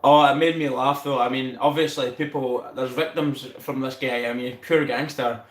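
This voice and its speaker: A man chatting excitedly on a live stream, swearing freely and laughing often. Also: mid-range voice, moderate pace. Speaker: livestream host. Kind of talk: casual live-stream chat. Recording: roomy echo.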